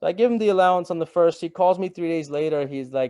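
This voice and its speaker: A man's voice: a little high, fast, dark tone, smooth, dry recording, muffled recording. A middle-aged man giving a webinar presentation in a casual, conversational way, repeating phrases and checking in with "right?".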